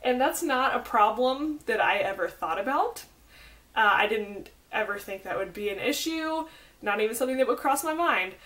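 A woman's voice: on the high side, lively intonation, moderate pace, a bit bright. A young woman with a Southern American accent vlogging casually, rambling through her week with lots of fillers and side notes. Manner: chatty, rambling, with many fillers and asides. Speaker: pregnancy vlogger. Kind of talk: casual chat.

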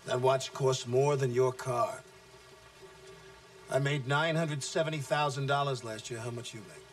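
A man's voice: steady tone, a little slow, slight background noise, close to an everyday voice. A man playing a brash abusive sales boss. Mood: contemptuous. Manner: aggressive, taunting, swings between shouting and low menace. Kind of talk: film acting.

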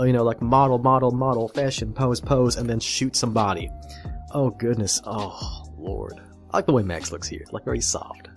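A man giving excited casual commentary as he flips through a comic, gushing and swearing freely. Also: mid-range voice. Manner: animated and gushing, swears freely, mimics characters. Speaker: video creator reviewing a game comic. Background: faint background music.

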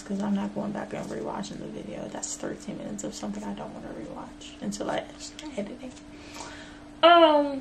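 A woman's voice: mid-range voice, gravelly, a little mellow, slight background noise. A twenty-year-old woman from Virginia, chatting casually to camera as a vlogger and college student, rambling with lots of fillers and slang. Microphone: camera mic.

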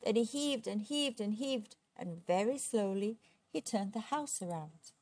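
A woman reading a children's storybook aloud, expressive and steady. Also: mid-range voice, unhurried, no echo. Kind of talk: children's book read aloud.

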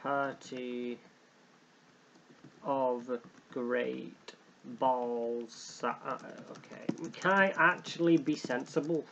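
A man's voice: mid-range voice, steady tone, very slow, a bit bright, muffled recording, a little hiss or hum. Joking young man narrating a strategy game. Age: young adult. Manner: joking, rambling, reads game text aloud. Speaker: gaming channel host. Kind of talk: let's play commentary.

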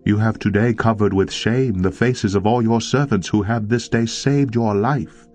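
A man's voice: fairly low pitch, pitched above the performer's own voice, lightly acted. Joab, a man voicing a stern army commander. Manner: forceful, reproachful. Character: stern male army commander rebuking a king.

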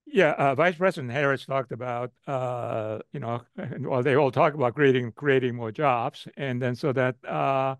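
An older man answers questions as a guest economist over a video call. His voice sits at an ordinary pitch, and the sound is dry and close, with no room echo. He talks in loose spoken sentences full of fillers and repeated phrases. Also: moderate pace, few pauses. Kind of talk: webinar Q&A answer.

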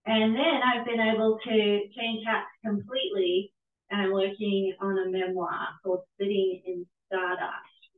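A middle-aged woman with a Pittsburgh accent speaks gently and invitingly, leading an audience through a yoga practice. She is picked up from a distance in an echoey hall, and the sound is thin and tinny. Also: mid-range voice. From Britain. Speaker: yoga teacher and author. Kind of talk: guided yoga practice at a reading.

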